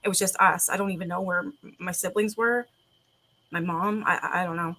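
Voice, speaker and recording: Young woman host, bright-toned, rambling live-chat storyteller with lots of "um"s and restarts. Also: on the low side, steady tone, a little fast. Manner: rambling, with many fillers and restarts. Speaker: livestream host.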